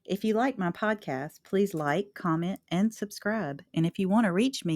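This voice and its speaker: A woman hosting a podcast, talking through a reality show episode in a blunt, exasperated way and not shy about swearing. Her voice sits a bit low for a woman, recorded close and dry with no room sound around it. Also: expressive, moderate pace, dry recording. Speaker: podcast host. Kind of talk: casual recap commentary.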